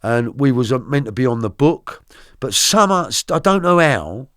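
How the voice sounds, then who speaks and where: A middle-aged man recounting his arrest in colloquial, vivid storytelling, now and then shouting out the quoted lines. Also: mid-range voice, big pitch swings, normal speed, no room sound, studio quality. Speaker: guest. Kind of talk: true crime storytelling.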